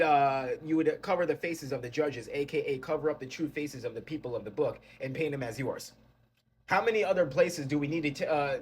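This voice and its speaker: A man preaching an impassioned religious rant, confrontational, swearing and hammering the same phrases again and again. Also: mid-range voice. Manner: confrontational, repetitive and profane.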